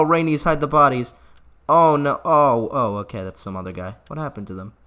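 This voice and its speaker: A man's voice: a little high, bright, forceful tone. Joking man narrating a strategy game. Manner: joking, sarcastic, with drawn-out mock grief. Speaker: gaming channel host. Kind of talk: let's play commentary.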